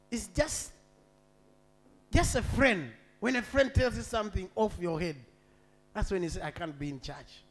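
A man preaching a sermon as a pastor, swinging between shouted, half-sung peaks and quiet, conversational asides. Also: sits high.

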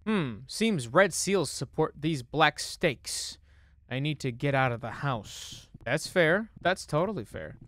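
A young man streaming a horror game demo, swearing and reacting, shifting between low muttering and sudden yelling. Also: expressive, slow pace, no echo. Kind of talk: live gaming commentary.

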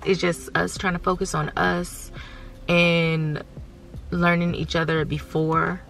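Woman in her 30s vlogging, open and emotional, bright gravelly voice, soft music behind. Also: fairly low pitch. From United States. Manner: candid and emotional, talking straight to viewers. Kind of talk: casual vlog chat.

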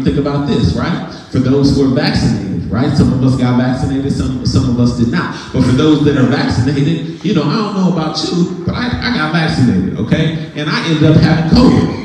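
A man preaching a sermon in a church, animated, acting out voices and breaking into bits of song. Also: medium pitch, slight background noise. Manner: animated preaching, acts out voices and sings snatches. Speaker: pastor. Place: church sanctuary. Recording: echoey church hall.

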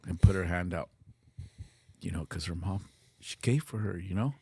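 A man's voice: sits low, moderate pace, creaky, mellow, husky, no echo. A middle-aged man telling a personal story on a podcast in an earnest, casual way, slipping into Spanish phrases and swearing freely. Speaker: podcast guest.

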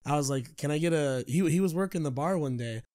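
A man's voice: on the high side, fast, mellow. A young man co-hosting a casual podcast, telling stories with lots of laughs and mimicked quotes. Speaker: podcast co-host. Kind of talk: casual chat.

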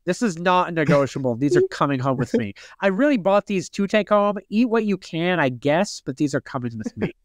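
A man's voice: on the high side, big pitch swings, no echo. A man voicing a stubborn, frazzled woman who lays down the law. The tone stays clean and firm over a dry, close sound. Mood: insistent. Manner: insistent, rapid, non-negotiable.

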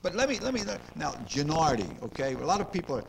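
A man's voice: on the high side, big pitch swings, fast, creaky. An older man hosting a local interview show. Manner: rambling, repeats words, asks leading questions. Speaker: host. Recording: noisy 2002 local cable recording.

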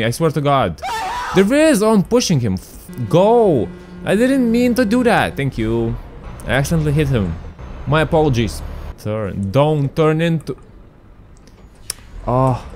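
An excitable male streamer giving casual gameplay commentary, his pitch swinging up and down as he reacts. He chats straight to his viewers and now and then shouts at the traffic. Faint music plays behind him. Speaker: gaming streamer.

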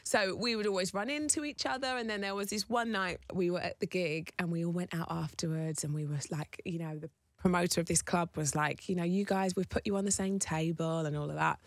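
A woman's voice: on the low side, fairly quick, no room sound. Chatty British woman, dry studio sound. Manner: chatty, animated storytelling with voiced quotes. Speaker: guest. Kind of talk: radio studio interview. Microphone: studio microphone.

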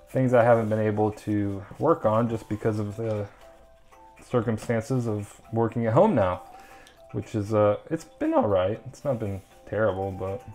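A man's voice: fairly low pitch, mellow. A young man hosting a casual card-opening video, chatting and rambling with lots of ums and uhs. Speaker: channel host opening trading card packs.

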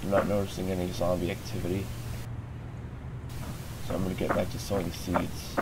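Sleepy, monotone gravelly-voiced man. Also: deep voice, a little fast, background noise. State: just woken up. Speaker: streamer. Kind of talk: casual gameplay commentary.

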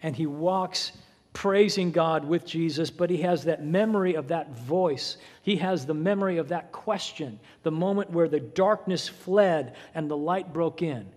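A man with a fairly high voice preaches to his church, acting out the lines of the people in his story. His voice rings out in a long reverb from a large sanctuary. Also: a little slow, darkish tone. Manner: dramatic retelling with voiced quotes. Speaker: pastor. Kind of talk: sermon.

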